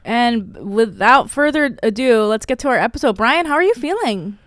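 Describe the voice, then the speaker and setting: A woman co-hosting a podcast in casual chat, animated and teasing, quick to laugh. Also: fairly high pitch, no echo, studio quality. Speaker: podcast co-host.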